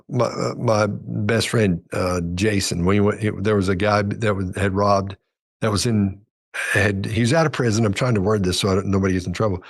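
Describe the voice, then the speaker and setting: A man appears as a guest on a casual podcast, telling a long story that rambles and corrects itself as he acts out the quoted lines. His voice is lowish, gravelly and husky.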